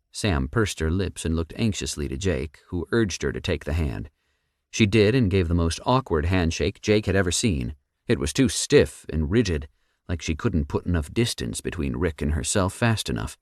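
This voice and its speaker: A man narrating an audiobook in an even, measured reading voice on a close mic. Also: a bass voice, no room sound. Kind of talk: scripted narration.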